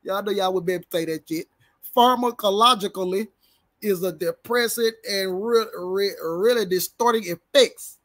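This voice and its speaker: High-voiced man reacting casually. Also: normal speed. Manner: animated, stumbles over big words, slangy banter with viewers. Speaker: reaction commentator. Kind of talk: casual commentary reading a report aloud.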